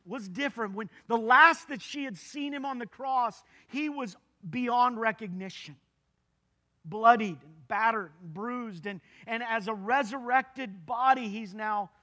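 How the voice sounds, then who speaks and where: A man's voice: very high voice, sharp tone. A man preaching a sermon in an earnest, emphatic way, repeating his key phrases for weight. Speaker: pastor.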